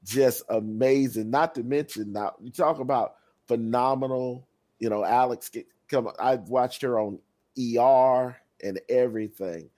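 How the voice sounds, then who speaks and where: A man in a casual podcast chat, talking enthusiastically and rambling along with lots of fillers. His pitch sits at an ordinary middle level for a man. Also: measured pace, mellow. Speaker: podcast co-host.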